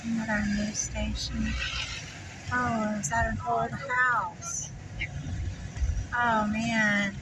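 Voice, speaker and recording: Woman, slow speaker, fairly high voice, hushed shocked remarks, inside a moving car, clear road noise. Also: flat delivery, far from the mic. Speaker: vlogger. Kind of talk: driving commentary. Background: road and vehicle noise.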